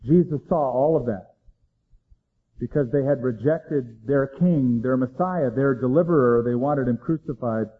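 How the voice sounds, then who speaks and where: A man preaching a sermon, dramatic, swinging between loud emphasis and hushed low lines. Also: unhurried, husky, narrow, tinny audio. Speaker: pastor.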